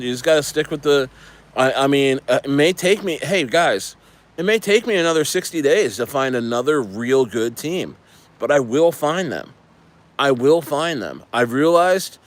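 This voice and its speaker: A man's voice: medium pitch, no echo. Rambling, profane man with a dry sound. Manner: rambling, profane, repeats himself. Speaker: crypto streamer. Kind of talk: casual ranting chat.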